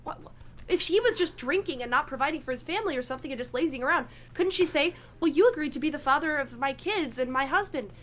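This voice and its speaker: A woman with a high voice arguing back on a livestream. She challenges every point with questions, often tripping over her words as she rushes to reply. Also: animated, fairly bright tone. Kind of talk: heated livestream debate.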